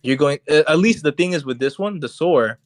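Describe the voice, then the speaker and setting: A young man co-hosting a podcast, telling a story in a casual, animated, profane way and acting out what people said. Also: on the high side, fairly quick, dry recording. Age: young adult. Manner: animated, profane, acts out quotes. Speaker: podcast co-host. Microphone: podcast mic on voice chat.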